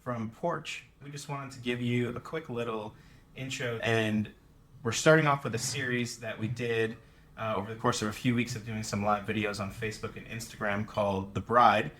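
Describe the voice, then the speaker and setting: A man's voice: fairly low pitch, fairly even intonation, normal speed, fairly bright tone, slight background noise. A man giving an informal, upbeat intro to his podcast. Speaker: podcast co-host.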